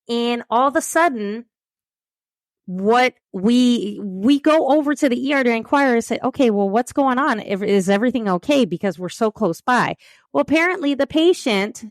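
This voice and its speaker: A woman host, a CT technologist, casually telling a story from her hospital shift in an animated, chatty way with many fillers and asides. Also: on the high side, dry recording.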